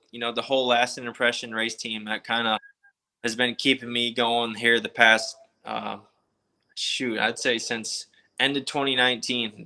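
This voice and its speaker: Flat, bright-voiced racer from the eastern US. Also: male voice, mid-range voice, clean tone. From eastern United States. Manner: laid-back and plainspoken. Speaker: motocross racer, podcast guest. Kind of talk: casual interview chat.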